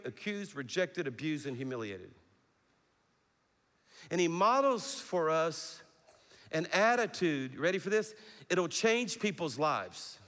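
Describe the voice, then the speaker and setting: A middle-aged male pastor preaches with an animated delivery, pulling the congregation into call-and-response. His voice sits a little high for a man, and it carries through the long reverb of a large church hall. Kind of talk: sermon.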